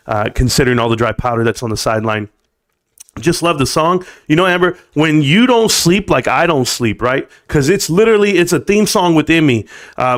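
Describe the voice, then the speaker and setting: An animated man hosting a live stream, talking straight to his viewers in a loose, casual rant. He is blunt and emphatic, and his voice jumps up in pitch when he stresses a point, at a middle-of-the-range pitch for a man. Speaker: livestream host.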